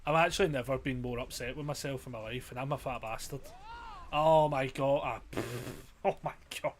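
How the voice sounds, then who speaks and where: A man's voice: mid-range voice, fairly quick. Guy gaming and moaning about his aim, swears every other word, throat sounds frazzled, faint hum behind. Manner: exasperated, swears constantly, self-mocking. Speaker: gamer streamer. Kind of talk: casual gameplay commentary.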